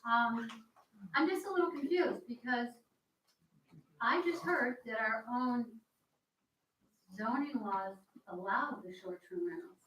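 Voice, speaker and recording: A woman's voice: fairly high pitch, sharp tone, slight background noise. A woman speaking during public comment at a town board meeting, earnest and growing heated as she presses her point. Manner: earnest, grows heated and emphatic. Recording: echoey hall, voice from far off.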